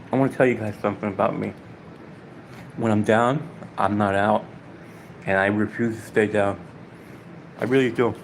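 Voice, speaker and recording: A man vlogging to his subscribers in a rambling, halting way, out of breath and repeating himself. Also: on the low side, slight background noise, poor audio. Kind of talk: casual heartfelt monologue to viewers.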